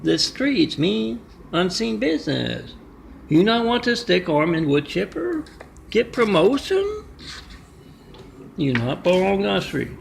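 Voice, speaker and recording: Angry boss figure, scornful, broken English, pitched up high, put on by a man. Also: very animated, slow pace, gravelly, slight background noise, full character voice. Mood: scolding. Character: angry male boss firing a worker.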